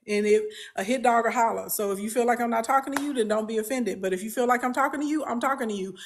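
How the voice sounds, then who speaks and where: A woman's voice: on the high side, fast talker, slight background noise. Blunt, emphatic woman. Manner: blunt, emphatic, repeats phrases. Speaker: business coach. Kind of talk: candid talk to followers.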